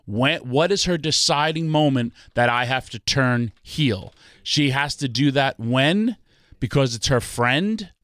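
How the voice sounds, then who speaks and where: A man's voice: mid-range voice, expressive, a little slow, a bit bright, no echo. A man ranting about wrestling on a talk show, emphatic and full of rhetorical questions. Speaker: wrestling podcast guest. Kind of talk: passionate ranting commentary.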